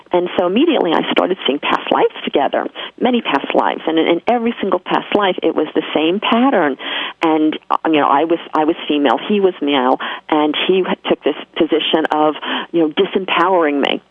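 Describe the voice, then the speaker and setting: A woman's voice: low voice, lively intonation, a little fast, creaky, husky, no echo. A woman with a New York accent, telling a personal spiritual story as an interview guest, earnest and emphatic with frequent restarts. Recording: tinny phone line, dry.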